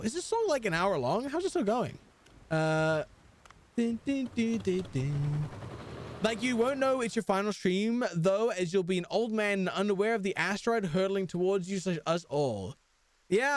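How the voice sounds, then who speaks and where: A young man with a high-pitched voice streams a video game, rambling casually and cracking jokes. He hums and sings along with the music, and the recording has no echo.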